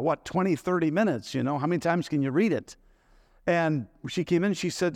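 A man's voice: a little high, fairly quick, a little mellow, dry recording, studio quality. A middle-aged man preaching a sermon, telling personal stories in a conversational way and asking the congregation questions.

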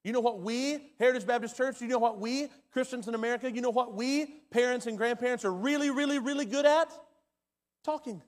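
A man preaching a sermon as pastor, his delivery swinging from loud and urgent to hushed and quiet. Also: very high voice, brisk. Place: church sanctuary. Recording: long hall reverb.

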